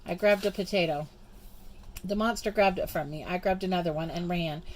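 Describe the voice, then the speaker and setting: Woman reading a kids' story out loud, measured and expressive. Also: fairly low pitch, a little hiss or hum. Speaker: storybook reader. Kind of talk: children's book read-aloud.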